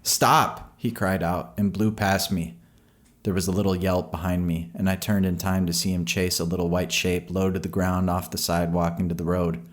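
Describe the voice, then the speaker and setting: A man narrating a horror story in a slow, measured storytelling voice. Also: low-pitched, flat delivery.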